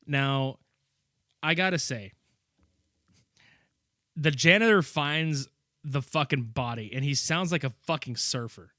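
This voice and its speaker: A man's voice: medium pitch, takes it slowly, long pauses, sharp tone, no room sound, studio quality. A man co-hosting a podcast, retelling movie scenes in a casual, profane way and laughing often. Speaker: podcast co-host. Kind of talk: casual movie-review chat.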